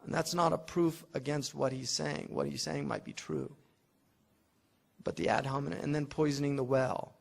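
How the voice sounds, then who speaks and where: A man's voice: on the high side, moderate pace, gravelly. A man teaching a classroom lecture on classical logic, talking conversationally and explaining with everyday examples, often restarting his sentences. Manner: conversational and digressive, with frequent restarts and fillers.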